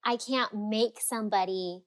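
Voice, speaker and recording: A woman coach chatting as a podcast guest, mid-pitched and expressive. She talks with energy and slips into little acted voices when she quotes people. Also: measured pace. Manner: animated, acts out quoted voices. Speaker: freedom and fulfillment coach, guest. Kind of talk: casual podcast interview.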